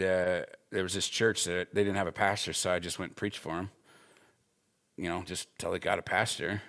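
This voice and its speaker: Man, 40s, Bible school instructor: low gravelly voice, earnest and emphatic, conversational storytelling. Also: a bit bright. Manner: earnest, emphatic, with personal stories. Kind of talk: conversational teaching talk.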